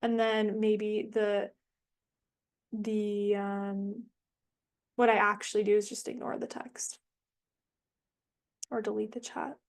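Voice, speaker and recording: Over a video call, a young woman runs an online somatics workshop, talking casually and candidly, cursing freely and pausing as she thinks out loud. Her voice sits in the mid-range with a level tone.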